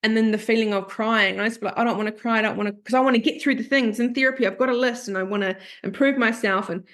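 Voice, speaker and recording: A woman's voice: a little high, fast talker, fairly bright tone. A woman who hosts a podcast and works as a therapist, talking openly in a confessional, storytelling way. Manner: open, confessional storytelling that acts out remembered quotes. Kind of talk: candid podcast conversation.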